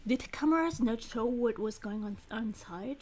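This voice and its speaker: A woman voicing a low-energy, sarcastic young man who is a detective's partner, reading game dialogue aloud in a flat, dry way. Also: normal speed, lightly acted.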